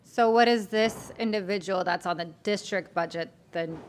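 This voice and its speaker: Woman, school board member, mid-pitched voice, direct, questioning. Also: moderate pace. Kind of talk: board meeting discussion.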